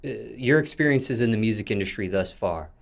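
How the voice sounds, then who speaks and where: Low-voiced man asking long questions. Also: lively intonation. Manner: long winding questions, measured. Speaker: interviewer. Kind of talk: interview questions.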